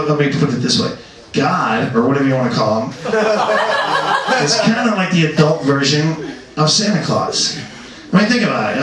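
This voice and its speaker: Brief: young male comic on a club stage, lively swooping delivery, distant roomy sound with an audience. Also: a little high. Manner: crude, jumps into shouted character voices. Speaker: stand-up comedian. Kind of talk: stand-up comedy set. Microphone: handheld stage mic. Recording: echoey club from far off, crowd.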